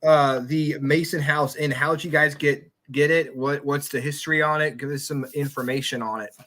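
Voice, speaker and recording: A man's voice: a little high, steady tone, moderate pace, fairly bright tone. A man co-hosting a podcast, joking around and asking the guests questions. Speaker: podcast co-host. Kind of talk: casual chat.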